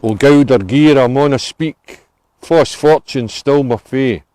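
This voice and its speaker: A Scottish man reciting Scots dialect poetry outdoors on a cemetery tour, with a measured, relishing delivery. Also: medium pitch, warm tone, a little hiss or hum. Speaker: tour volunteer reciting poems.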